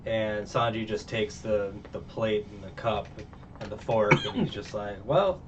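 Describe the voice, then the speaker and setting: A man's voice: on the low side, level tone, unhurried, a bit bright. A man casually recapping a show as a reviewer, rambling with many fillers and restarts. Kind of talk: casual chat. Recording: muffled distant mic, faint background noise.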